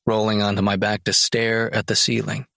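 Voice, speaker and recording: A man's voice: lowish voice, level tone, moderate pace, creaky, pushed and bright, no echo. A man narrating an audiobook in first person, dry and sardonic.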